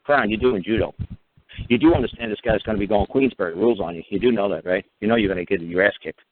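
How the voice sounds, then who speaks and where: A man's voice: on the low side, quick pace, a little hiss or hum. A man telling courtroom stories in a casual radio monologue, swearing freely and acting out both sides of each exchange. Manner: profane, animated storytelling, acting out court exchanges. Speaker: radio talk show host. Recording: tinny phone-line radio audio.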